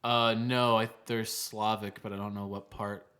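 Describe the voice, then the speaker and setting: A man's voice: on the low side, flat delivery, a little slow, sharp tone. A man co-hosting a casual podcast chat, talking eagerly and leaning on filler words. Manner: enthusiastic, many "like" fillers. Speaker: podcast co-host.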